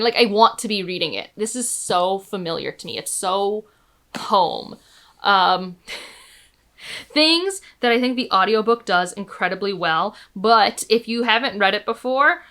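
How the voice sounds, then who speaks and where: Her voice is medium in pitch, pushed and bright. A book vlogger, she chats casually and enthusiastically about books, peppering her speech with "um" and "like."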